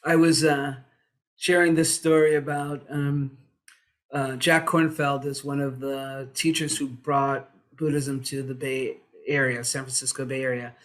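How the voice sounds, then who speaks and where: A man, a diversity activist, speaking in a gentle, unhurried, coaching way about breathing and presence. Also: mid-range voice, little pitch movement. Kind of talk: calm reflective conversation on mindfulness.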